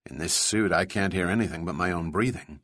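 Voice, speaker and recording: A practical man in a hazmat suit, terse and matter-of-fact, as the narrator drops into a lower voice for him. He speaks low and plainly, without fuss. The sound is close and dry. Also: brisk, a bit bright, no room sound. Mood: flat. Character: gruff male partner in a hazmat suit, practical.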